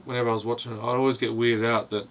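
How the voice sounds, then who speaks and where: Gravelly and mid-range, this man's flat voice races along very fast as he hosts a casual film review video. He rambles hesitantly, leaning on "you know" over and over, with a slight hiss or hum audible.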